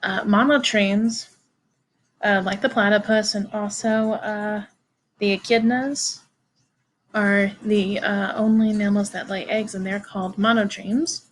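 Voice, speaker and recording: Slow, hesitant woman lecturing biology. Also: mid-range voice, steady tone, a little hiss or hum, rough recording. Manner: halting, many fillers and restarts; informal, addresses students directly. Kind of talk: recorded classroom lecture.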